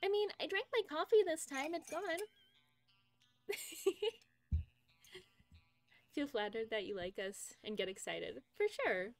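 A woman's voice: high-pitched, takes it slowly, pauses often, no room sound. Chatty young woman streamer, lots of laughs. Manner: chatty, laughs often, reads out chat. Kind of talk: casual chat with viewers. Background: faint game music.

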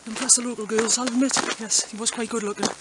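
A man's voice: extremely high pitch, level tone, fast. Joking man hiking, windy outdoors. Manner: dry, joking, rambling. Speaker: vlogger. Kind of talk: walking vlog commentary. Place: outdoors on a rural hillside. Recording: loud wind and outdoor noise.

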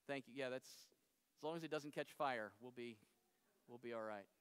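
A man's voice: mid-range voice, moderate pace, fairly bright tone, clear, resonant tone. A man, a pastor, narrating a story during a sermon in a playful, self-interrupting way. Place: church sanctuary. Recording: reverberant church hall.

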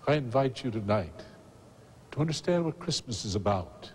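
Husky preacher in a cathedral hall. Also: male voice, medium pitch, a little mellow. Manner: storytelling, dramatic pauses. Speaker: pastor. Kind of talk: sermon. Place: large cathedral. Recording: long hall reverb from a cathedral.

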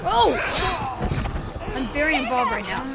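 A woman's voice: high-pitched, big pitch swings, unhurried, vocal fry, heavy background noise. A woman streaming a video game, gasping and exclaiming as she reacts to what happens on screen. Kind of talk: live let's-play reaction. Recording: loud game music behind.

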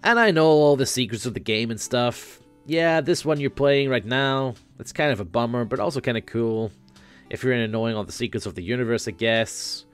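A man voicing a laid-back, rambling floating teenage boy who acts as a self-aware game guide, a bit higher and louder than his own voice. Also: brisk, clear, resonant tone, soft background music, natural voice.

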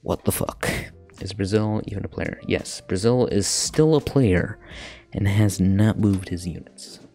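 Deep gravelly young man, crude game commentary. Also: a little slow, warm tone, soft background music. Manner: swearing, blunt, jokey running commentary. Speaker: gaming YouTuber. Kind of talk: casual gameplay commentary.

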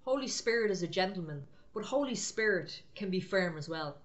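A woman's voice: medium pitch, expressive, moderate pace, lo-fi sound, noisy background. A woman preaching a sermon, firm and exhorting in a conversational way.

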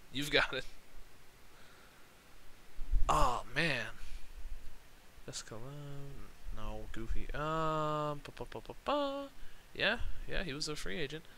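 A young man casually commentating his own game on a livestream, excitable and profane, laughing often. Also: medium pitch, creaky, a little hiss or hum, rough recording. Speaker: streamer.

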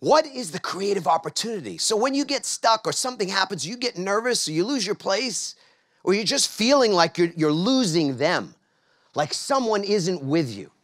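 A middle-aged man from New York delivers a motivational talk at a large conference. His voice sits a little high and rises and falls with lively energy. He keeps prompting the audience to answer him back. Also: moderate pace. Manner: energetic, engages audience with call-and-response questions. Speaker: keynote speaker. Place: large conference stage before a live audience.

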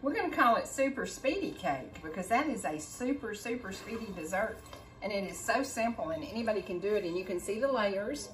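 A woman's voice: medium pitch, expressive, brisk. An older woman hosts a casual cooking demo, coaxing her grandchild in a sing-song, baby-talk manner. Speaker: host. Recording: echoey kitchen, faint noise.

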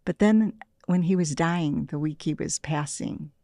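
A woman in her sixties, an interview guest, who tells personal stories in a soft, reflective way and often drops to a near-whisper. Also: sits low, measured pace, vocal fry, no echo, studio quality. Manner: soft-spoken, often trails into quiet near-whispers, laughs lightly. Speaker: interview guest, meditation practitioner.

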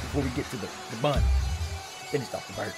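A man giving excited, swearing play-by-play commentary on a wrestling match, shouting at the big moves. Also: medium pitch, fast. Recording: music playing behind the voice.

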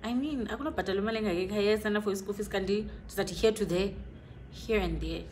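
A young woman from South Africa talks straight to her viewers in a casual vlog, rambling and bubbly. Her voice sits at a medium pitch and often sinks to an almost whispered hush. A faint background hum sits under the recording. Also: moderate pace. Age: young adult. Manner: excited, rambling, often drops to a near whisper. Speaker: vlogger.

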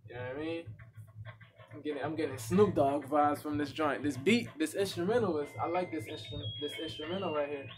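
A man's voice: on the high side, brisk. An American man reacting to a rap track in casual, slangy talk, often restarting his sentences. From United States. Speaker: music reaction YouTuber.

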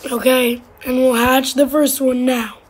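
A woman with a hoarse voice hosting casual gameplay commentary, halting and full of fillers, now and then dropping to a whisper. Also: high voice, level tone, faint music behind. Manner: halting, with many fillers and sudden drops to a whisper. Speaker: gaming channel host.

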